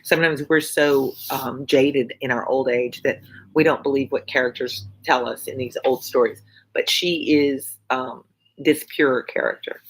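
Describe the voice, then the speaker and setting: Lady teacher reading a book aloud and chatting about it, low husky voice. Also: steady tone, measured pace, low-quality recording. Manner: earnest, informal asides between passages. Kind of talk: read-aloud lesson with commentary.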